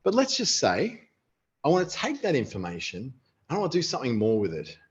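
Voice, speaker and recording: Husky Australian man demoing software. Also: medium pitch, huge pitch swings, a little fast. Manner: chatty, thinks aloud while typing. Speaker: webinar presenter. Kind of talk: casual live software demonstration. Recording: dull lo-fi webinar audio.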